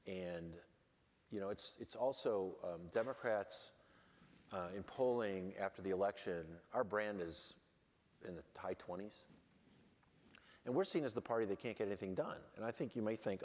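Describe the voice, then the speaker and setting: Brief: man, low voice, blunt and wry panel guest, long hall reverb. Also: moderate pace, darkish tone. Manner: blunt, self-deprecating, wry. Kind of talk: candid panel conversation. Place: large event hall on stage.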